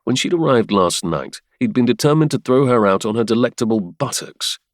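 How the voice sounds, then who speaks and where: A man narrating a romance audiobook in a measured, dramatic way. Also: medium pitch, animated, no room sound, studio quality.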